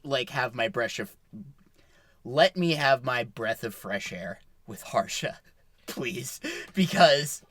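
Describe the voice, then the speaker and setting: A man's voice: mid-range voice, fairly bright tone, no echo, clean studio sound. A man co-hosting a casual sports podcast, rambling and opinionated, with lots of fillers. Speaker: podcast co-host.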